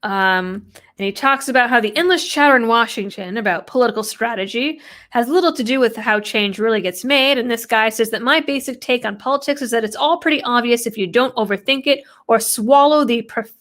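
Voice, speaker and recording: A woman's voice: on the high side, a little fast, fairly bright tone. Sarcastic woman reading political commentary. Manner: sarcastic, quotes text then mocks it. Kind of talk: reading and commenting on a news article.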